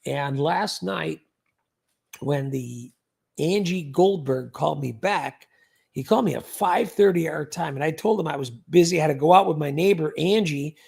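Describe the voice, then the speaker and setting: An older man chatting loosely on a livestream. He has a fairly high voice with a gravelly, husky grain, and he rambles along with lots of ums and restarts. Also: moderate pace, darkish tone. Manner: rambling, chatty, full of fillers. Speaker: host. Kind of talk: casual livestream chat.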